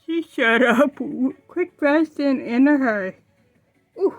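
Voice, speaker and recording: A woman's voice: high-pitched, expressive, slow pace, no room sound, faint music behind. A woman telling a funny story in a casual way, giggling and laughing often.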